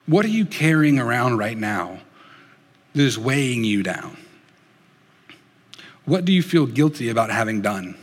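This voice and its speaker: A man preaching a sermon in an earnest storytelling way, dropping soft and slow for emphasis. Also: medium pitch, big pitch swings, big-room sound. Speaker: pastor.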